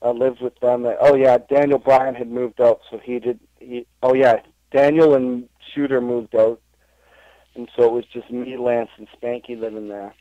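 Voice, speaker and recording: A man in a casual podcast interview, rambling and correcting himself as he tells stories. His voice sits at an ordinary middle pitch. The sound is dry and close to the mic. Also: fairly even intonation, moderate pace, no room sound, narrow, tinny audio. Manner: rambling storytelling, full of fillers and self-corrections. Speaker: interview guest, wrestling impressionist.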